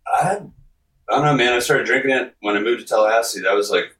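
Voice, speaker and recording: A man's voice: medium pitch, fast, a bit bright, distant mic. A man with a light Southern American accent, a laid-back podcast guest chatting casually over a video call. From Southeastern United States. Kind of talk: casual chat. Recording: roomy sound from off the mic.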